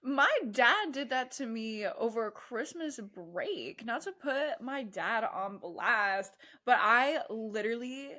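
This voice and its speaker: A woman's voice: fairly high pitch, lively intonation, slow pace, hardly any pauses, pushed and bright. A woman in her twenties co-hosting a podcast, chatting casually and animatedly with lots of laughter. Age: 20s. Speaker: podcast co-host. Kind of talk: casual chat.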